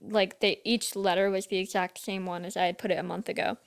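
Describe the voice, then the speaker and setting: A woman's voice: mid-range voice, little pitch movement, brisk, gravelly. A young woman co-hosting a podcast, talking in casual chat with lots of "like" fillers. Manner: chatty, full of "like" fillers. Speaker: podcast co-host.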